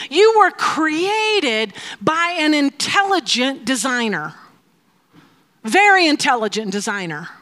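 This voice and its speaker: A woman giving a sermon, talking in playful asides that mix with drawn-out, emphatic phrasing, and laughing often. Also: high voice, sharp tone. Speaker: speaker teaching a faith message.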